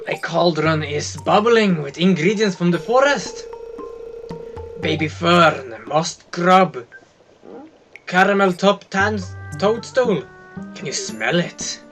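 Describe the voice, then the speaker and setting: A man putting on the voice of a mysterious old forest wizard, slow and theatrical, with a vaguely Irish lilt. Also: high voice, animated, over music, exaggerated voice. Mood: mystical. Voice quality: vaguely Irish-sounding put-on voice.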